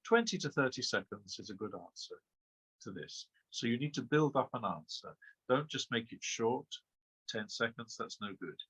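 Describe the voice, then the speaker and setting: Husky-voiced man giving exam tips. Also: medium pitch, sing-song, normal speed, a bit bright, low-quality recording. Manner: emphatic, rhetorical questions, frequent "okay?". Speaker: exam trainer. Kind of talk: webinar lecture.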